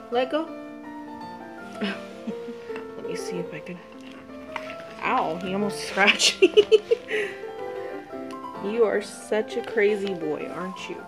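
A woman's voice: medium pitch, low-quality recording. A woman in a casual pet vlog at home, cooing baby talk at her cat and laughing often. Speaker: pet vlogger.

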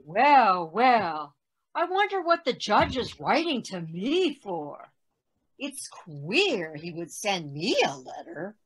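A woman's voice: mid-range voice, big pitch swings, slow, husky, heavily acted. A woman playing Imp, a cheeky boy clerk. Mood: offhand.

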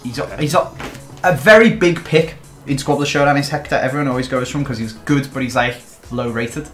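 A man's voice: medium pitch, a little fast, soft background music. A man giving casual, teasing gaming commentary as a guest. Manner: teasing, joking banter. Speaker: guest YouTuber.

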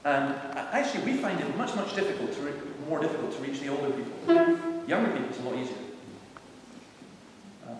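Soft music plays behind a middle-aged preacher and evangelist whose voice runs on the high side, sing-song and fairly quick. He's telling a visiting tour group earnest, conversational stories in a large church, recorded from far off in an echoing hall.

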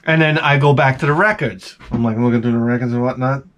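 A man with a young son, telling a rambling, animated story as a toy collecting vlogger. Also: mid-range voice, fast talker. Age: adult with a young son. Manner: rambling, animated, acts out quoted voices. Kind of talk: casual storytelling monologue.

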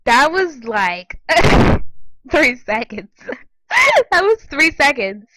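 A woman giving casual, excitable commentary while playing online games, often giggling and squealing. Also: sits high, extremely slow, poor audio. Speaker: gaming channel host.

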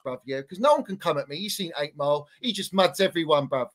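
A man ranting as a Chelsea fan pundit, swinging between shouting and muttering in animated football banter. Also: a little high, fast, few pauses.

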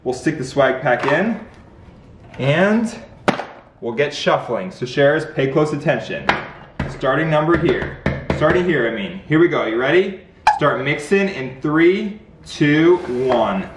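A young man hosting an upbeat family vlog, talking excitedly to his viewers and cooing at his dogs. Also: a little high, unhurried, echoey room, distant mic, very noisy. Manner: excited, talks to viewers and pets. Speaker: vlogger host.

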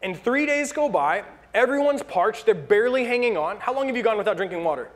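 A man's voice: sits high, lively intonation, fairly quick. A young American man preaching a sermon in a casual storytelling way, acting out the people he quotes. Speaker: pastor.

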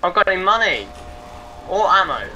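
Bright, lively gamer guy. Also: high-pitched, fast, a little hiss or hum, rough recording. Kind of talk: casual gaming chat.

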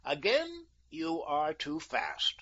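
A man's voice: on the high side, wildly swooping pitch, takes it slowly, pushed and bright, pitched above the performer's own voice, full character voice. A man voicing a brash, self-assured young American who bargains coolly and mocks, on a dull lo-fi recording. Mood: firm, cool. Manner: cool, bargaining and mocking. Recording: dull lo-fi audio.

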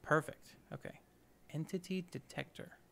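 A man's voice: on the high side, moderate pace, gravelly, pushed and bright, slight background noise. A man hosting a let's play, giving upbeat, chatty gameplay commentary and thinking aloud as he goes.

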